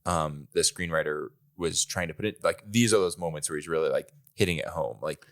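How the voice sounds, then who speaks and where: A man's voice: very deep voice, brisk. A man co-hosting a podcast in casual chat, rambling with many fillers and frequent laughter. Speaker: podcast co-host.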